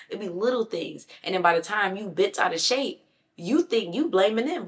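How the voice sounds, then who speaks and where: A woman vlogger giving casual motivational talk, emphatic and conversational, often acting out what other people say. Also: mid-range voice. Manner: emphatic, acts out other people's lines in quick voices; conversational with frequent "you know what I'm saying". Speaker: self-improvement vlogger.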